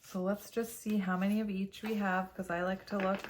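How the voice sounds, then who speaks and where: A woman's voice: medium pitch, little pitch movement, fairly quick, a little hiss or hum. A woman reading tarot cards to her viewers in a casual, chatty way, often laughing as she reads the card messages aloud. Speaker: tarot reader.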